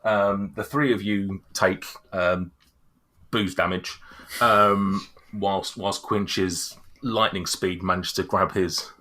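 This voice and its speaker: Game master, bright and halting. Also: male voice, deep voice, fairly even intonation. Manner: halting, filler-heavy narration. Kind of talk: narrating a tabletop game.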